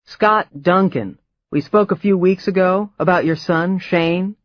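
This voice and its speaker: A narrator voicing a calm, persistent male investigator in an audiobook, speaking politely and patiently. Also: high voice, unhurried, no room sound, muffled recording. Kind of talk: audiobook character voice.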